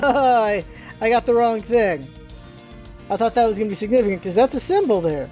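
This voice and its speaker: Woman let's play host, chatty and self-mocking, mellow tone, faint music behind. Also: on the high side, lively intonation, moderate pace. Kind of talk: casual game commentary.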